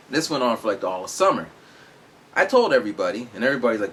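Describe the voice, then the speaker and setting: A young man casually telling a personal story, animated, acting out other people's voices. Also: fairly low pitch, very fast, slight background noise. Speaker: vlogger telling his story.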